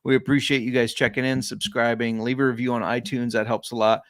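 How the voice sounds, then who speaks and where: A man co-hosting a podcast, chatting casually about fantasy football and bets, easygoing and quick to laugh. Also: mid-range voice, no room sound. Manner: relaxed, chatty, laughs easily. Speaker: podcast co-host. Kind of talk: casual sports betting chat.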